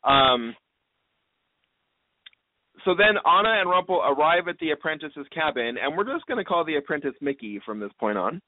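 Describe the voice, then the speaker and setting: A man's voice: a little high, lively intonation, normal speed, pauses often, no room sound. Man recapping over a tinny line. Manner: chatty, recaps at length with playful asides. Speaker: podcast co-host recapping an episode. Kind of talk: casual podcast chat. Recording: tinny phone-like line with faint hiss.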